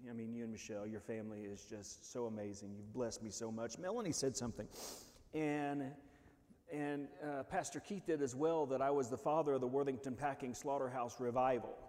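A man preaching a testimony sermon, swinging from hushed, low stretches to loud shouts, often restarting his words. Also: steady tone, fairly quick. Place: church hall. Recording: long reverb of a church hall.

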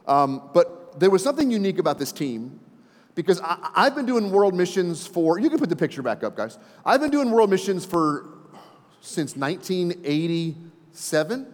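A man's voice: high voice, moderate pace. A man in his forties, a pastor preaching a sermon, telling stories with chatty asides to the congregation. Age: 40s. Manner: animated storyteller, folksy asides to the congregation. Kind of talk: sermon with storytelling. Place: church sanctuary. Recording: reverberant church hall.

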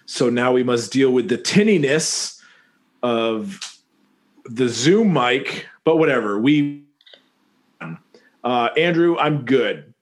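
A man's voice: mid-range voice, expressive, slow, long pauses. Rambling, jokey man in mid-range voice. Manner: rambling, jokey, self-correcting. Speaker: podcast co-host. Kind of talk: casual movie-review chat.

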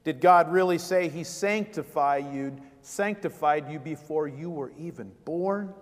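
A man's voice: fairly high pitch, a little slow, big-room sound. A man preaching a sermon as vicar, driving points home with repeated rhetorical questions.

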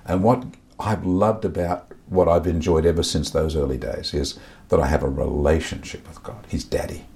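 A man's voice: rumbling low, fairly even intonation, moderate pace, vocal fry, mellow. A middle-aged man talking candidly about faith and his inner life, earnest and confessional, often repeating words as he searches for them. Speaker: podcast guest.

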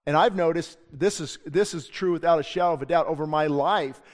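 A middle-aged pastor preaches in a church sanctuary, earnest and conversational, drawing on stories from his own life. His voice is on the high side and brisk, and the hall adds a long reverb.

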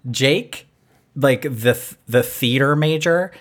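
A man co-hosting a podcast in casual recap chat, animated and quick to laugh. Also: medium pitch. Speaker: podcast co-host.

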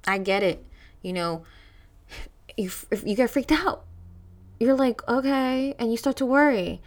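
A woman's voice: fairly high pitch, animated, a little slow. Emphatic woman giving a motivational talk. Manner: emphatic, repeats phrases for stress. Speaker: podcast host. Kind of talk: motivational self-help talk.

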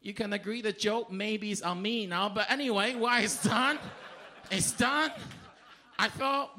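Animated high-voiced male stand-up comic. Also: measured pace, a little hiss or hum. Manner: animated, shouts punchlines, drops to a mock whisper. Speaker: stand-up comedian. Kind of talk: stand-up routine. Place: comedy club stage.

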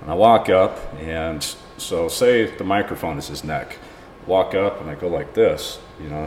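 Deep voiced guy rambling through a story, laughs a lot, bit of background noise. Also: normal speed. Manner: laughs often, animated, rambling. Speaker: podcast guest. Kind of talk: casual storytelling. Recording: reverberant room with faint noise.

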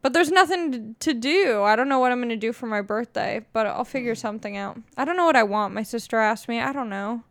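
A woman's voice: fairly high pitch, fairly quick, few pauses, dry recording. A woman in her twenties hosting a podcast, rambling in a casual, self-mocking, jokey way. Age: 20s. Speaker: podcast host.

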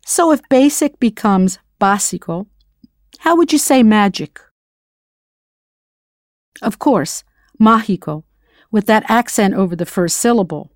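A woman leads a scripted audio language lesson and keeps quizzing the listener in a light, playful way. Her voice sits at a middle pitch, and the recording is dry and close with no room sound. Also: expressive, unhurried, pauses often, dry recording. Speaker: language teacher.

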